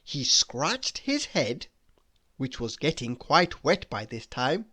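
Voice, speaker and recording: Slow, playful children's storyteller woman. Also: a bass voice, very animated, bright, forceful tone, breathy edge. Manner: playful, teasing asides to the listener. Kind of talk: children's read-aloud.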